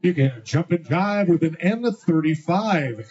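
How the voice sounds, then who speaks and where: A man's voice: fairly high pitch, expressive, a little mellow, lo-fi sound. Playful man calling bingo numbers. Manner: playful, punchy one-liners, slows to spell out each number. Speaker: bingo caller. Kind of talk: live bingo calling with rhyming jokes.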